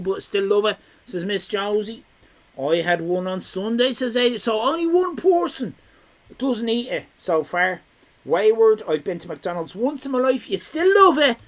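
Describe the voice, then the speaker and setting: A young man with an Irish accent runs a live quiz stream. His voice swings up and down a lot as he chats and teases the viewers. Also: sits high. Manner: chatty, reads chat aloud, teasing.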